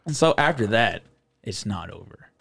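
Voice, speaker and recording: A man in his twenties, a podcast guest, telling a story in a casual, profane, animated way. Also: fairly low pitch, moderate pace, gravelly, husky, dry recording. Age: 20s. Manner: animated, profane, acts out friends' voices.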